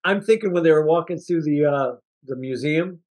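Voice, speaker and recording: A man's voice: on the high side, moderate pace, darkish tone, highs cut off. A man co-hosting a movie review podcast, chatting casually and acting out scenes from the film with laughter. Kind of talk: casual chat.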